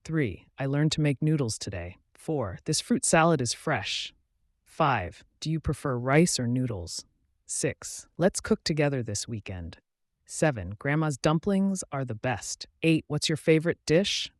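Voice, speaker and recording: A man reading numbered everyday phrases slowly and clearly for learners. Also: fairly high pitch, lively intonation, no echo, clean studio sound. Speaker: English teacher.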